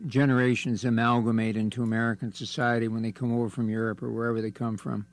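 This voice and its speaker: A man's voice: medium pitch, little pitch movement, quick pace, dry recording. Detail-minded man explaining history. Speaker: radio guest, history expert. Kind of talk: casual radio conversation.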